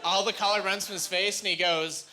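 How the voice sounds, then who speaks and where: A man from Canada doing stand-up comedy, rambling through self-deprecating stories with quick asides, recorded live. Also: high-pitched, fairly even intonation, slight background noise. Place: comedy stage before a live audience. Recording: live club recording with loud crowd.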